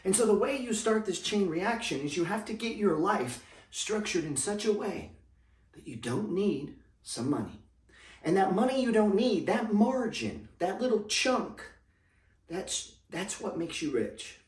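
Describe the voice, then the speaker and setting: A man's voice: high-pitched, sing-song, a little slow, far from the mic. A man giving a blunt, slangy motivational monologue as a money coach, emphatic and repetitive. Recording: echoey room, voice off the mic.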